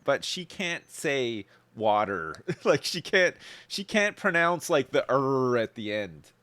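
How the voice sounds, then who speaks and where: A man's voice: mid-range voice, very animated, takes it slowly, fairly bright tone, no room sound. A Canadian man chatting casually on a live gaming stream, rambling and laid-back, swearing freely and chuckling often.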